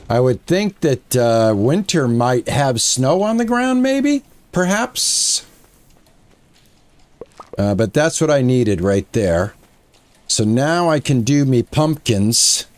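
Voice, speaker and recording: A man talks his way through a farming game in a lively, up-and-down voice, musing aloud as he plays. He speaks slowly and unhurriedly into a headset, casual and rambling. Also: medium pitch. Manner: chatty, thinks aloud while playing. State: out of breath. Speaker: gaming streamer. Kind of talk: casual gameplay commentary.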